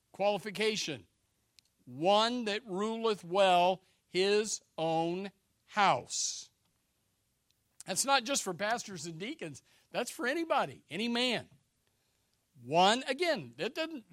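A high-voiced male preacher with a bright, forceful tone, leaping between murmured asides and shouted calls. He slows right down to stretch out key phrases. The sound is dry and close. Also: big pitch swings, dry recording. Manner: swings from low quiet asides to loud shouted exhortation. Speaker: pastor. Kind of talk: sermon.

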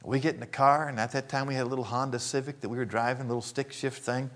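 A man preaching a sermon, telling a personal story, dropping to hushed asides and rising to shouted praise. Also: mid-range voice, steady tone, quick pace.

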